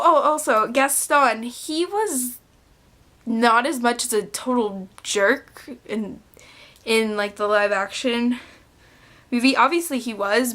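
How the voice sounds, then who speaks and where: Brief: young woman vlogger, casual review, rambling with lots of fillers, a touch high. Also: a bit bright. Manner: rambling, filler-heavy, self-interrupting. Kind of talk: casual film review vlog.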